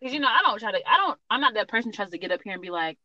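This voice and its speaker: A woman's voice: medium pitch, expressive, very fast, dry recording, muffled recording. A young woman co-hosting a casual gossip chat, chiming in and trailing off. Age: young adult. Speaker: guest co-host.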